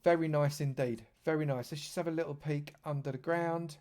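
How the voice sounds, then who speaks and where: A man streaming a live walkthrough of a game world, talking in a slightly high voice. He chats freely and gushes over everything he points out. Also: fairly even intonation, brisk, a little mellow. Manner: effusive, chatty, lavish with praise. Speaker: streamer touring a game server. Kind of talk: live gameplay tour commentary.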